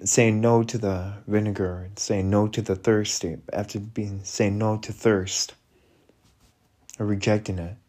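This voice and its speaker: A man giving a slow, halting devotional retelling and prayer, reflective, with frequent restarts. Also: on the low side, a little mellow. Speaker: preacher.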